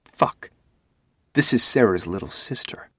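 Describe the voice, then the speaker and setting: A man reading a first-person audiobook, expressive and giving voice to the dialogue. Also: low voice, measured pace, slightly rough, dry recording, clean studio sound. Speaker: audiobook narrator.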